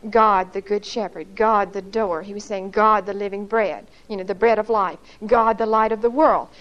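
A woman's voice: on the high side, low-quality recording. Earnest woman teaching a Bible study. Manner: earnest, explanatory, asks listeners to recall. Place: church.

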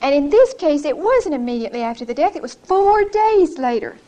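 A woman's voice: sits high, very animated, brisk, dark tone, poor audio. A woman giving an informal Bible study in a church, earnest and conversational, often repeating her phrases.

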